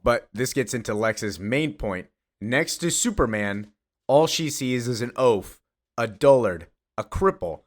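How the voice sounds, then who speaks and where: A man's voice: medium pitch, expressive, measured pace. A man casually retelling a comic story, rambling along with frequent fillers and restarts. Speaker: comics commentator.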